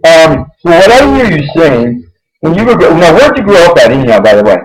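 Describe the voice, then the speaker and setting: Guy hosting an interview, kinda higher voice, stumbles and repeats words a lot. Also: very animated, brisk, poor audio. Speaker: host. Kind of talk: interview conversation.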